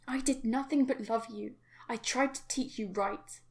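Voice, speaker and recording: A woman voicing a furious murderous father who snarls and shouts threats at his daughter in a creepypasta reading. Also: mid-range voice, steady tone, takes it slowly, lightly acted. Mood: anguished. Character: furious murderous man, a young girl's father.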